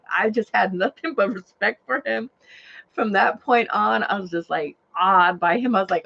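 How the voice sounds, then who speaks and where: Lady driver vlogging from her car, gravelly voice, says like constantly, kinda muffled recording. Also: mid-range voice, normal speed. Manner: excitable, says "like" and "oh my God" a lot. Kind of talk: animated storytelling to camera. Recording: dull lo-fi sound.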